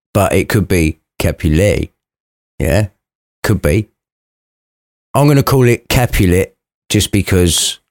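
A man's voice: fairly low pitch, darkish tone, no echo, studio quality. A man retelling a classic story as a crude, irreverent comedy, full of sweary asides.

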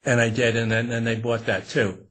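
An older man with a husky voice, answering interview questions casually. He rambles and restarts, unbothered. Relaxed, easygoing delivery. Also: medium pitch, normal speed. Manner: relaxed, rambling, laughs often. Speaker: author guest.

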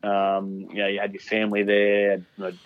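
An Australian man, a former rugby league player, guesting on a podcast and recalling memories in a relaxed, rambling way, saying "mate" a lot. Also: fairly low pitch, moderate pace, smooth, no echo, phone-quality sound. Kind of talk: casual interview chat.

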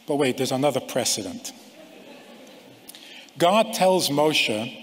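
A man giving a slow, deliberate sermon on family, acting out the voices he quotes. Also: mid-range voice, expressive. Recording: long hall reverb.

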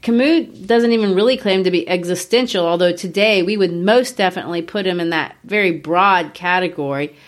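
A woman co-hosting a casual literary discussion, explaining ideas in a measured way with occasional playful asides. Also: fairly low pitch. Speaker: podcast co-host.

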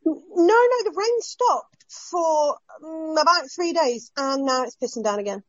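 High-pitched woman guest, breezy, muffled call line. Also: animated, unhurried, dry recording. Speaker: panel guest. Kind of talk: casual online panel chat.

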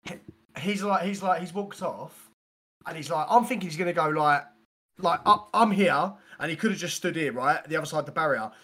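Young british man, podcast co-host, animated storyteller, slightly high voice. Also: fairly quick. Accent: British English. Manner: excitable, acts out quotes, laughs as he talks. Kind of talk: casual chat, animated storytelling.

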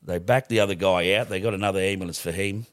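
A middle-aged Australian man with a very low voice tells a story casually, swearing freely and rambling through restarts. He is recorded close and dry with no room sound. He is a podcast guest. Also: steady tone, quick pace, no echo.

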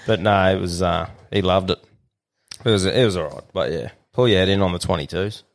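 A man's voice: low-pitched, a little fast, vocal fry. An Australian man, a young adult podcast co-host, rambling through a swear-filled anecdote in casual chat.

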